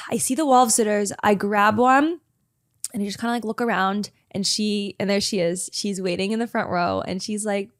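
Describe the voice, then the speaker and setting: A young woman telling a personal story in a fast, chatty way, full of filler words and emotion. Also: mid-range voice, fairly even intonation, no room sound, studio quality. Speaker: vlogger sharing a personal story. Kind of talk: casual storytelling to camera.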